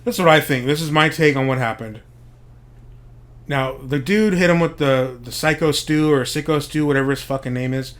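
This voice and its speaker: A man's voice: fairly high pitch, normal speed, a bit bright. Profane, speculative male commentator. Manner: profane, speculative, explains wrestling slang. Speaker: podcast host. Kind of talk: casual commentary monologue.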